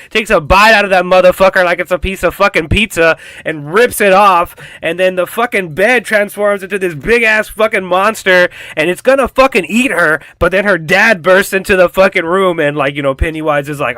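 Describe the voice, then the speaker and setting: A man gives a casual, profanity-filled recap of a TV episode, piling on fillers as he tells the story. His voice is a touch high and sharply bright. The sound is close and dry, with no room around it. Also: normal speed, dry recording. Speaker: reaction channel host.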